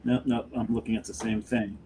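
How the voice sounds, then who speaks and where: A man's voice: on the low side, little pitch movement, fairly quick, background noise. A man co-hosting a casual beer podcast, chatting in an easygoing way. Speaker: podcast co-host. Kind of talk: casual chat about craft beer.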